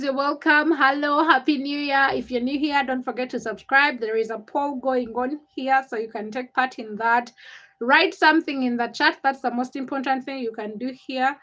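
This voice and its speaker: High, bright-voiced Ugandan woman streaming live. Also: poor audio. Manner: chatty and teasing, quick comebacks to viewers. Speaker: livestream host. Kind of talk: casual live-chat stream, reading and answering viewer comments.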